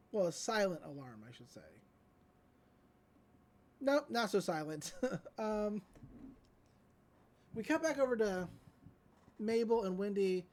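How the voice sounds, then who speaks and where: Lively woman host recapping an episode. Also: medium pitch. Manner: animated storytelling, quick character voices. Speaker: podcast host. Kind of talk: casual episode recap chat.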